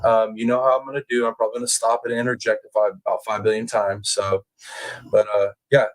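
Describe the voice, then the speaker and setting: A man's voice: quick pace, low-quality recording. Laid-back man hosting a livestream chat. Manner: laid-back, chatty, drawling out words; rises high when excited by a viewer. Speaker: livestream host reading chat.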